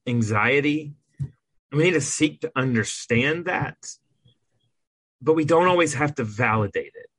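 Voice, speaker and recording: A man's voice: medium pitch, a bit bright, dry recording. A man co-hosting a podcast, an adoptive parent talking in an earnest, emphatic way with frequent restarts. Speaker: podcast co-host. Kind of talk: earnest conversational podcast talk.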